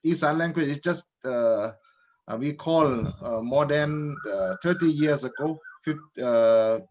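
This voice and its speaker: A man with a Thai accent speaks politely and slowly as a guest in a panel discussion. He hesitates often and leans on fillers while building his explanation. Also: on the high side, darkish tone, slight background noise. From northeastern Thailand. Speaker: guest lecturer.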